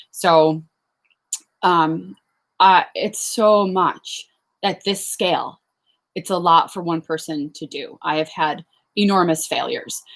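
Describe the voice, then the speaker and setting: Chatty woman hosting a live farm Q&A. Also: on the low side. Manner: chatty, laughs often, many fillers and asides to viewers. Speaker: flower farmer hosting a live Q&A. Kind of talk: casual live-stream chat reading viewer comments. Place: outdoors on a farm.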